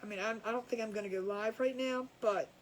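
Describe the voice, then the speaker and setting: Working on a craft project, a high-voiced livestream host chats quickly and loosely, often laughing at her own jokes. The low-quality audio comes from a camera over her crafting table, with a faint background hiss around her voice.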